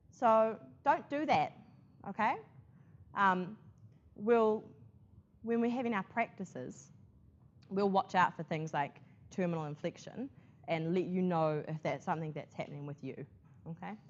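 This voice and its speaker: A woman's voice: mid-range voice, lively intonation, moderate pace. A woman teaching a class about presentation skills, chatty, checking in often with "okay?". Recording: muffled classroom recording.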